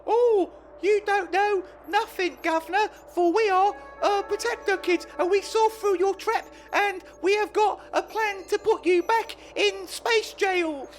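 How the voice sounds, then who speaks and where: A woman's voice: very high-pitched, a little slow, hardly any pauses, soft background music. A woman voicing a cheeky child hero from a children's TV show, full of triumphant bravado.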